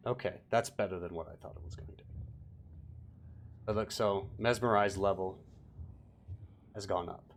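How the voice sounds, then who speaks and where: A man streaming a game live, animatedly commenting, swearing and yelling lines at the enemies. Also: low voice, steady tone, moderate pace, pauses often, soft background music.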